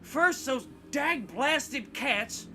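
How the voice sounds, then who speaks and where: A man's voice: very high voice, lively intonation, very slow, pushed and bright, faint music behind, pitched above the performer's own voice, exaggerated voice. A man reading aloud and voicing a wild, paranoid old bearded hermit who snarls and sputters. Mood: fearful.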